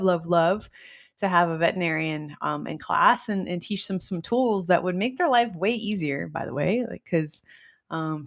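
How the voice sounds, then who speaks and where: A woman hosting a casual live stream, telling stories in an excitable, bubbly way and greeting viewers as she goes. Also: on the low side. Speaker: host teaching nutrition testing.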